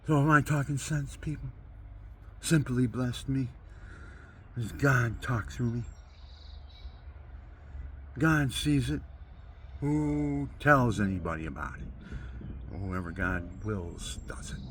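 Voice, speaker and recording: An older man delivering a rambling, preachy monologue. He swings between hushed murmurs and loud outbursts. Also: mid-range voice, steady tone, slow, pauses often, a little hiss or hum. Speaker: amateur guitarist and video maker.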